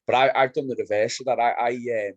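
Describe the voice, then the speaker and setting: A man in casual football podcast chat, telling animated stories and acting out exchanges from the pub. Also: medium pitch, fast talker, dry recording, lo-fi sound. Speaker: podcast co-host.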